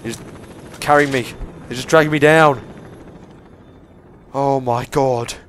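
A man's voice: medium pitch, steady tone, measured pace, a bit bright, a little hiss or hum. A young man commentating on a game he is playing, swearing and breaking into panicky outbursts. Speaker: gameplay commentator. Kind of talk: let's play commentary.

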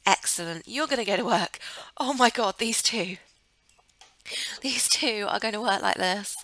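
Excitable woman gaming. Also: mid-range voice, a little slow, no echo, low-quality recording. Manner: chatty and excitable, giggles often. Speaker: gamer host. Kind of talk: Let's Play commentary.

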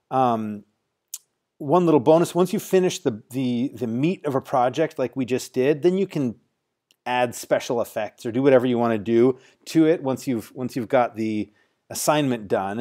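Man, teacher, warm mellow tone, casual think-aloud tutorial, mid pitch. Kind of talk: screen-recorded coding tutorial.

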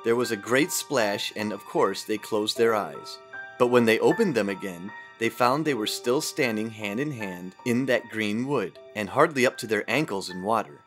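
A man narrating a storybook audiobook in a calm, measured way. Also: on the low side, faint music behind. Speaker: audiobook reader.

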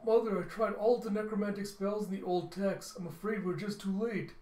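A man's voice: a little high, normal speed, darkish tone, lightly acted. A man voicing a timid young male vampire lackey who stutters and whines as he reads a comic aloud. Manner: stuttering, whiny. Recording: roomy echo.

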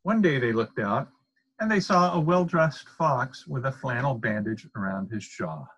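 An older man with a husky voice, reading a picture book aloud as a grandfather. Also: mid-range voice, lively intonation, unhurried, a bit bright, dull audio.

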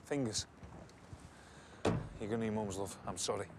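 A man's voice: fairly low pitch, normal speed, heavy background noise, close to an everyday voice. An actor playing a middle-aged father with a teasing, joking manner. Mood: easygoing. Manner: teasing, jokey banter. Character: joking working-class dad, middle-aged.

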